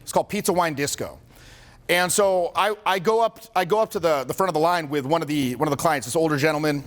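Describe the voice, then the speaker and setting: He's a forties-aged social skills coach talking fast in a fairly high voice. The seminar is loose and humorous, full of swearing and acted-out lines from other people.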